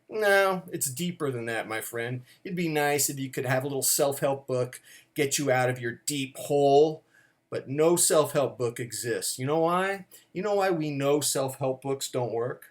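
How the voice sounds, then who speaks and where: A middle-aged man talking to his viewers in a wry, self-mocking way, with sudden dramatic swings in pitch. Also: lively intonation, moderate pace. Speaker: watch vlogger. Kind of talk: casual monologue to camera.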